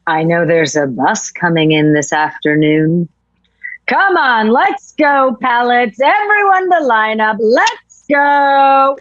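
A woman reading the part of a calm, hard-to-read female prison officer in a live script reading, brisk and commanding. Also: low-pitched, no echo, dull audio. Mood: level. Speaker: actor in a table read.

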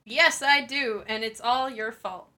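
Young woman podcast co-host, higher voice, bright and crisp, giggly and animated in casual chat. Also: unhurried.

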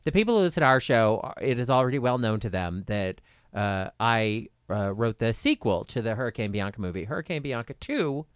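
A man's voice: mid-range voice, sing-song, brisk, clean tone, dry recording, clean studio sound. A man chatting as a podcast guest, rambling and gossipy with self-mocking humor. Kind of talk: casual comedic chat.

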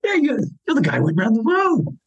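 A man squeaking out a stunned, stammering customer. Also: huge pitch swings, brisk, creaky, slightly rough, lo-fi sound, heavily acted. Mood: astonished. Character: astonished excitable male customer.

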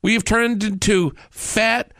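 A man's voice: sits high, slow, dry recording, clean studio sound. A man in his forties hosting a show, telling stories and ranting profanely in a comedic style. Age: 40s. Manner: profane, ranting, animated storytelling. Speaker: host. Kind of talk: comedic rant.

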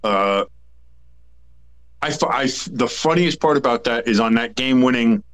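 Casting: male sports podcast co-host, mid-pitch, rambling and jokey. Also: normal speed, fairly bright tone, clean tone. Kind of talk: casual sports chat.

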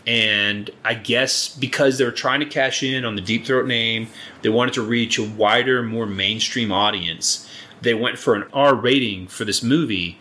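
A man co-hosting a casual podcast at an ordinary pitch. He rambles through his points, swears often and slips into playful mock quotes. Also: a little slow, pushed and bright. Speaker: podcast co-host. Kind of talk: casual chat.

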